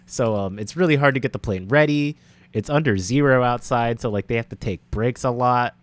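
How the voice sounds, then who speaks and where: A man's voice: mid-range voice, fairly quick. A young man telling a long story on a casual podcast, laughing often and acting out what people said. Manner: rambling, laughs often, acts out quotes. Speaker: podcast co-host.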